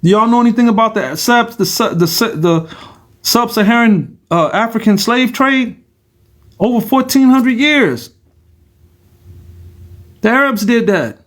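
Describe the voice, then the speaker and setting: High-voiced man ranting to camera. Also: expressive, unhurried, long pauses, fairly bright tone. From United States. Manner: rambling and repetitive, addresses listeners as "y'all", stumbles and restarts words. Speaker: vlogger. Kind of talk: casual direct-to-camera rant.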